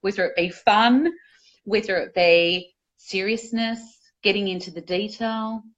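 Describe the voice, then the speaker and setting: A woman's voice: medium pitch, measured pace, highs cut off. A woman, a guest in a conversational interview, talking candidly and energetically about speaking, with casual swearing.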